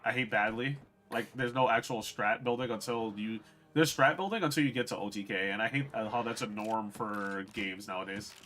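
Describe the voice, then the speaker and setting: A man's voice: fairly low pitch, fairly quick, pushed and bright. A young man streaming a video game, chatting bluntly and with swearing to his viewers as he plays. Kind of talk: casual gameplay commentary.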